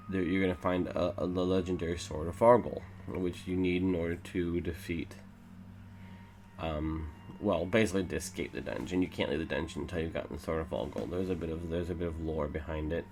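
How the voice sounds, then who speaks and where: A man's voice: low voice, slight background noise, poor audio. A man hosting a let's play, talking through a game in rambling, filler-heavy casual commentary.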